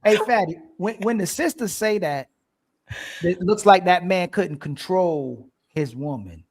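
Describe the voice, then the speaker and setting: A man with a fairly high voice hosts a livestream debate. He is loud and emphatic, repeating his points and cutting across the others. His delivery stays forceful and insistent. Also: lively intonation, a little slow. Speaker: livestream show host. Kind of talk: heated casual debate.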